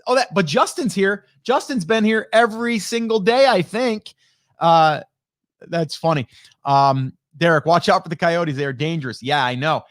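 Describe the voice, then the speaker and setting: Speaking at normal speed in a voice on the high side, a middle-aged live stream host reads the chat aloud and greets viewers by name. His talk is casual, upbeat, and rambling, picked up by a broadcast dynamic studio microphone.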